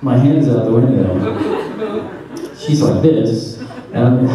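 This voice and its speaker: Speaking slowly and pausing often, this Southern American man in his thirties has a mid-range voice, with a crowd audible behind him. He's a convention panel guest, laughing while he animatedly tells a funny story to the audience. The far-off recording carries the echo and noise of a big convention hall.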